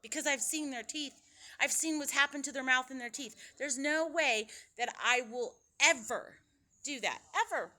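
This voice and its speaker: A woman's voice: high-pitched, moderate pace, pushed and bright. A woman in her thirties, venting in a casual vlog, rambling and exasperated, acting out both sides of a phone call. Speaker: vlogger.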